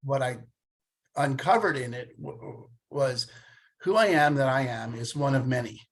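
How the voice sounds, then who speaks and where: A man's voice: mid-range voice, moderate pace. A man in his late fifties talking in a casual podcast conversation, telling stories animatedly and acting out the voices of people he quotes. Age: 50s.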